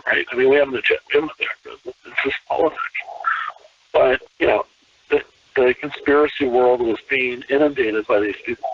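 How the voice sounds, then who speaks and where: Male podcast guest, husky voice, dry phone-line sound, animated and repetitive. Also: medium pitch, fairly quick, no room sound, far from the mic. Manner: animated, repeats himself, many restarts. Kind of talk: casual conversation. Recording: tinny phone-line call.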